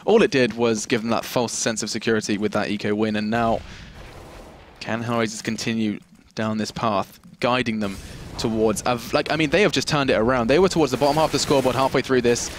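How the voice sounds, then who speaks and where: A man's voice: mid-range voice, a little hiss or hum. A man giving live esports commentary on a headset mic, analytical in tone and speeding up when the action builds.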